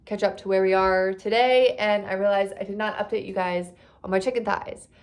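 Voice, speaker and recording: A woman in her thirties chatting casually to her phone camera in a vlog, expressive and talkative. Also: mid-range voice, fairly quick. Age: 30s. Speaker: vlogger.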